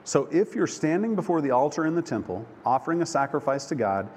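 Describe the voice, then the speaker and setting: A man preaching a sermon, telling a personal story with emotion, halting and restarting often. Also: on the high side, big pitch swings, a little mellow. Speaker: pastor. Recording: long hall reverb, faint background noise.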